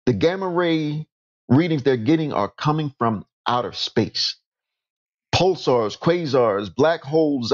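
A man talks through his subject in loose, casual commentary, often stumbling and correcting himself. His voice sits at an ordinary middle pitch. The recording sounds dull and lo-fi, as if from a modest home setup. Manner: rambling, self-correcting. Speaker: YouTube host.

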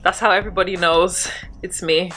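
A woman's voice: on the low side, steady tone, fairly quick, fairly bright tone, faint music behind. A woman chatting casually about hair care tools, with rambling, self-deprecating asides. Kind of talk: casual chat.

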